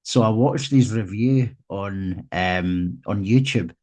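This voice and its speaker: Easygoing Scottish male co-host, lowish voice, spins anecdotes. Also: slow, a little mellow. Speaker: podcast co-host. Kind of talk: casual football podcast chat.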